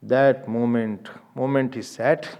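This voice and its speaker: A man telling a devotional story as a spiritual teacher, animated and acting out his characters' lines. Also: mid-range voice, takes it slowly, smooth, lo-fi sound.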